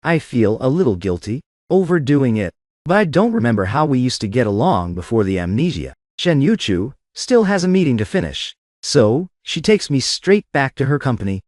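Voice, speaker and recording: Lively male storyteller, dry close sound. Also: medium pitch, moderate pace, no room sound. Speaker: narrator. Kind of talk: first-person story narration.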